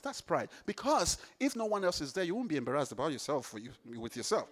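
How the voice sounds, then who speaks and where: A man preaching a sermon, animated, repeating phrases for emphasis and swinging from hushed to loud. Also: sits high, fairly quick, hardly any pauses.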